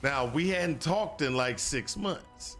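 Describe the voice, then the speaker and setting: A man's voice: fairly high pitch, lively intonation, slow pace, fairly bright tone, faint music behind. A man casually telling a long personal story while playing a video game, rambling and repeating himself with lots of "you know". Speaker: gaming streamer.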